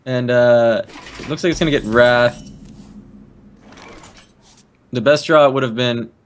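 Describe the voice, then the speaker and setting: A man co-casting a live card-game match with quick play-by-play calls. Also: mid-range voice, slight background noise. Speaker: esports commentator.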